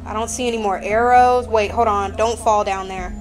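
A woman's voice: mid-range voice, steady tone, normal speed, music in the background. A woman playing a horror video game, chatting nervously to her viewers as she goes. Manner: jittery, chatty, talks to viewers as y'all. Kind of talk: let's play commentary.

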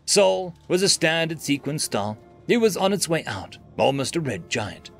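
Man, scripted sci-fi narration, dramatic, dry, fairly high, gravelly. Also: sing-song, normal speed, a bit bright, faint music behind. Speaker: story narrator.

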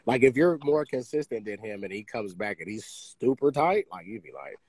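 Excitable husky man in casual chat. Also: normal speed, no room sound. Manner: excitable, swears freely, jumps high in pitch when animated. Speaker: podcast host.

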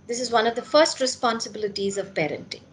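A woman's voice: a little high, expressive, fast, slight background noise. A woman giving a talk on parenting to parents at a school meeting, earnest and asking questions to answer them herself.

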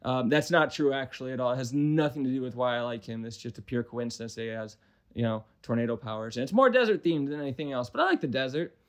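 A man's voice: medium pitch, fast talker. A young man from the Midwest giving casual, rambling commentary over his own game footage, self-deprecating with profane asides. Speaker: gaming commentator.

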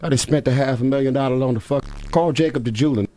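A man's voice: mid-range voice, fast, dark tone. A man talking bluntly and profanely about jewelry on a podcast.

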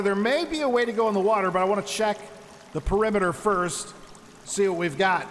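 A high-pitched man jokes and chats through his own survival game playthrough, a let's play where he talks straight to the enemies he's fighting. The audio has a big-room sound and a bit of background noise.

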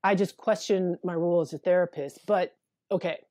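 A woman therapist in a casual interview, talking haltingly and repeating words as she thinks aloud. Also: lowish voice, steady tone, dark tone, no room sound, studio quality. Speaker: therapist guest.

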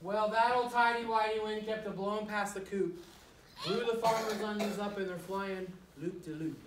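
A woman, a children's author, reads a rhyming picture book aloud to young children in a school, playful and animated, with joking asides to the kids. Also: mid-range voice, moderate pace, background noise. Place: school room full of first graders. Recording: echoey room, distant mic, loud children. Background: children chattering and laughing.

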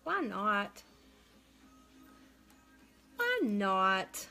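Woman, live-stream makeup host, casual chat, reads comments aloud, bright tone, faint music behind. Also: medium pitch, wildly swooping pitch, drawn-out words, vocal fry. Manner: chatty, reads viewer comments aloud and answers them.

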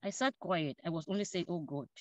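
Woman telling a lively testimony. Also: on the low side, fairly quick, no echo. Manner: animated, acts out dialogue, laughs between phrases. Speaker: church member giving testimony. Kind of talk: personal testimony storytelling. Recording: dull dry lo-fi recording.

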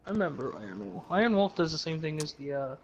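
A man's voice: fairly high pitch, lively intonation, fast talker, highs cut off, slight background noise. A young man gaming with friends, talking bluntly, swearing and complaining about the match. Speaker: teammate. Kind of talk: casual gaming chat.

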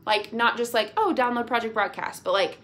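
A woman's voice: a little high, brisk, fairly bright tone. A woman giving an upbeat, gushing motivational talk to her team over a video call, full of "like" and "y'all".

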